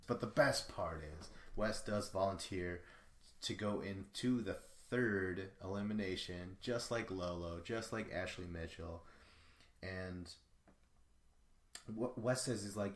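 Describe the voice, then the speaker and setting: Guy with a low voice cussing his way thru a solo recap, echoey room. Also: a little slow. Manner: casual, profane, rambling. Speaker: podcast host.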